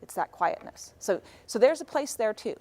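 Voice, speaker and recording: A woman in her forties, a guest speaker talking to a high school class in a classroom. She tells stories lively and acts out the dialogue. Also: normal speed. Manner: animated storyteller, acts out dialogue.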